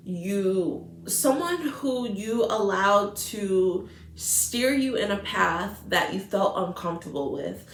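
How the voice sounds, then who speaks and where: A woman's voice: mid-range voice, slight background noise. Earnest woman giving a tarot reading. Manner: earnest, emotional, repeats phrases. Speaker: tarot reader. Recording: roomy echo.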